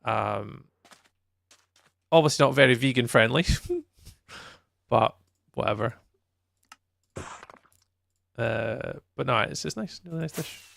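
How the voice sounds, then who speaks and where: A man's voice: mid-range voice, gravelly, a bit bright. A Scottish man streaming a game live, chatting casually with viewers in a rambling way and laughing easily. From Scotland. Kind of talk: casual chat while playing a game live.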